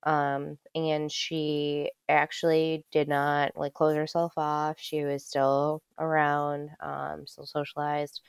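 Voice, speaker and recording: Low gravelly woman, candid storyteller. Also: monotone, slow pace, hardly any pauses, dry recording, clean studio sound. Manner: candid, loose, swears freely, lots of ums. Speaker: guest. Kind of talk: casual personal storytelling.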